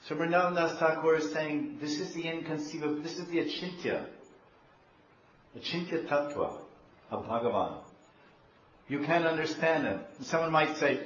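A man preaching a devotional sermon, telling stories in an animated way, repeating himself and questioning the audience. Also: on the high side, normal speed, long pauses. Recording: dull echoey room, faint hiss.

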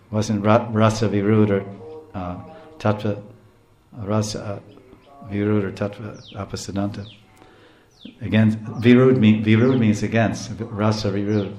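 A man giving a devotional storytelling lecture, animated, chuckling often and explaining terms as he goes. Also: on the low side, echoey room. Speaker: preacher.

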